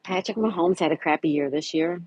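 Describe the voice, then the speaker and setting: A man's voice: a little high, brisk, darkish tone, a little hiss or hum, poor audio. A man hosting a casual livestream, reading viewer comments aloud and greeting chatters by name. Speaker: livestream host. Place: home in Florida.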